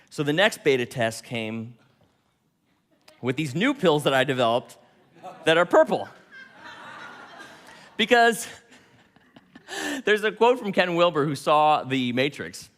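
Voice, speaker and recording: Man, storytelling talk, lively pitch, quotes dialogue, laughing, long hall reverb. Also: slow, pauses often. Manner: animated, laughing between lines, quotes people in dialogue. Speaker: speaker.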